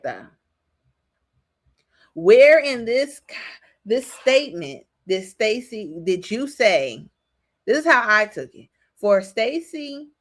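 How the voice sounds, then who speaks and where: A woman hosting a casual reality TV commentary, rambling with frequent ums and restarts. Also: mid-range voice.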